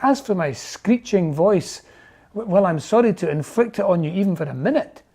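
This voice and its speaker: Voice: medium pitch, lively intonation, moderate pace, dark tone, slightly rough. A reader voicing a miserable, self-pitying little male owl who moans and pleads, in a storybook reading. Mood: pleading. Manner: whiny, moaning, pleading.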